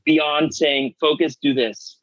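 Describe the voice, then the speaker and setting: A middle-aged man, an actor guest, telling animated stories in casual chat and acting out the voices of people he quotes. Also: a little high, slow, dry recording, muffled recording. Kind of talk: casual storytelling.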